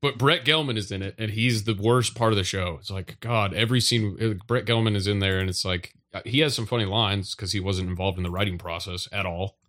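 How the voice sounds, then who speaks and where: A man's voice: on the low side, a little fast, hardly any pauses, fairly bright tone. A man hosting a podcast, chatting casually in a rambling way with many restarts. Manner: rambling, lots of fillers and restarts. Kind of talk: casual chat.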